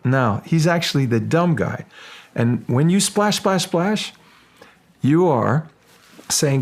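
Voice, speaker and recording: A middle-aged man, an actor guest in a casual interview, speaking with a husky voice, often restarting his sentences and growing lively as he tells a story. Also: on the high side. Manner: halting, restarts often, grows animated while telling a story.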